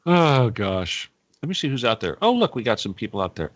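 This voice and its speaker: A man hosting a talk radio show, chatting casually and rambling, with frequent laughs and animated asides. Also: mid-range voice, fairly quick.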